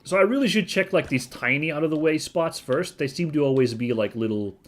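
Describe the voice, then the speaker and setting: A man's voice: on the high side, lively intonation, brisk. A man hosting a casual let's-play video, chatty and thinking aloud with frequent fillers and self-corrections. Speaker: gaming video host.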